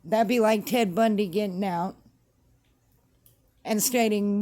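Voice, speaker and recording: Slow, mellow-voiced woman ranting bluntly. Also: medium pitch. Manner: blunt, emphatic and repetitive. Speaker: vlogger. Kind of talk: casual opinion rant to camera.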